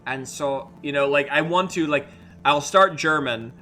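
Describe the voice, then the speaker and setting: A young adult man, a host and voice actor, chatting casually on a livestream in a rambling, animated way with many fillers. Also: fairly high pitch, measured pace.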